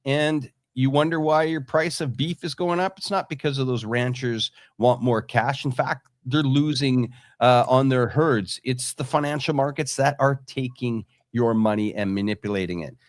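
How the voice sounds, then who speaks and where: A man who is a guest on a livestream, giving financial views with frequent hesitant pauses. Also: mid-range voice, no room sound, studio quality. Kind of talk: casual political livestream chat.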